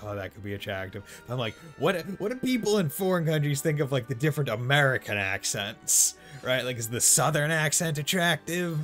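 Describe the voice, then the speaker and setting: Brief: male streamer, Boston accent, lowish pitch, bright edge, loose rambling chat, faint game music underneath. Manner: rambling, lots of fillers and laughs. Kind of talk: casual let's-play chat.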